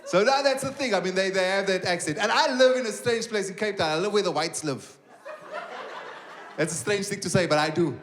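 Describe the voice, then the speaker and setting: A middle-aged man with a South African accent telling a story in a stand-up routine, slipping into quick voice impressions. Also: high voice. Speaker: stand-up comedian. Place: comedy stage before a live audience. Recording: live show with loud audience noise. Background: audience laughter.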